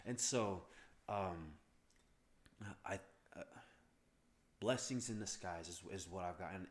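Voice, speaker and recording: A man in his thirties, a podcast guest, telling a story casually and animatedly, acting out other people's lines with frequent restarts. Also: deep voice. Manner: animated, acts out quoted voices, stammers on restarts.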